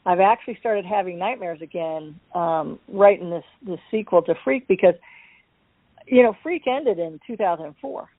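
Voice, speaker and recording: A woman guest in an interview, telling her personal story in an animated, wry way and acting out the voices of people in it. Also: lowish voice, moderate pace, no room sound. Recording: dry, tinny phone-line sound.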